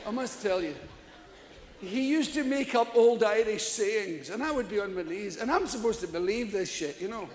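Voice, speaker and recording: A man's voice: high-pitched, animated, moderate pace, a little hiss or hum. An older Scottish man telling a stand-up story, laughing often, swearing freely and acting out the people he quotes. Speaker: stand-up comedian. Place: large theatre stage. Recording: echoey hall, live stage recording.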